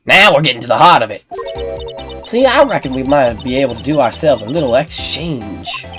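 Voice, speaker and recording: A woman's voice: a bass voice, expressive, fairly quick, music in the background. A stuffy-nosed woman with a Southern accent voicing a chatty, scheming Southern photographer with a folksy drawl. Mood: sly. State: stuffy nose.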